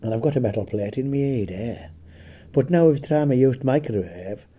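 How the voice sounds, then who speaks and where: A rambling comic story full of swearing comes from a slightly hoarse man who chuckles and caps his jokes with "eh?". His mid-range voice is husky, rough and very dark in tone, with lively intonation and a slightly fast pace.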